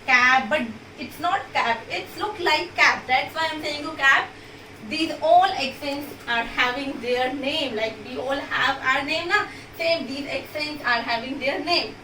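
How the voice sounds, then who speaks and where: Woman, Indian English accent, teacher, patient step-by-step explaining, high voice, echoey room, distant mic. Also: pushed and bright, a little hiss or hum. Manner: patient, explains step by step and repeats words slowly. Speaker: school French teacher. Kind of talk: recorded online class lesson.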